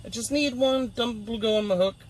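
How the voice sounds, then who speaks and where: A man's voice: very high-pitched, fairly quick, slight background noise. A man doing playful live commentary while ice fishing outdoors on a frozen pond, teasing the fish as he talks.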